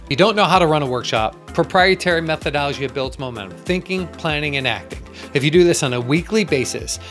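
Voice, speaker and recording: Emphatic man, a business coach. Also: fairly bright tone. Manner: emphatic, acts out dialogues with pitch jumps. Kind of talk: motivational business talk.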